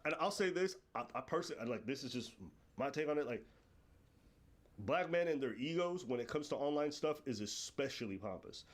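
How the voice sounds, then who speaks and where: Man, podcast host, rapid delivery, probing and challenging. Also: medium pitch, animated. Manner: fast, challenging, questioning. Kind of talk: casual podcast discussion.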